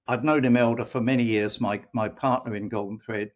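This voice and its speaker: Man, middle-aged, interview guest, rambling anecdotes, acts out quoted voices, mid pitch, slightly muffled sound. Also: fairly quick, few pauses. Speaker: guest, co-founder of a training company. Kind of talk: casual interview talk.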